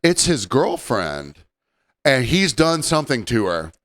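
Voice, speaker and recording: A man's voice: mid-range voice, measured pace. A man hosting a casual podcast, telling bar stories and acting out what people said. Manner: animated anecdote-telling, acts out quotes. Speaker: podcast host and bartender. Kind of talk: casual storytelling chat.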